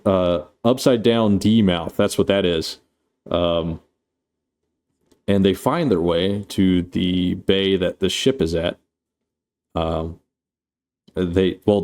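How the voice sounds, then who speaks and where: A man's voice: low voice, a little mellow. A man casually retelling a movie scene by scene in a rambling, profane way, with frequent filler words and laughter. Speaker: host.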